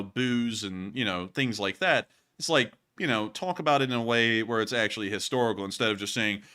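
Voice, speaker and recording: A man's voice: mid-range voice, pushed and bright. A man hosting a live stream, chatting casually in a rambling, wry way with lots of fillers. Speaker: host of a war news live stream.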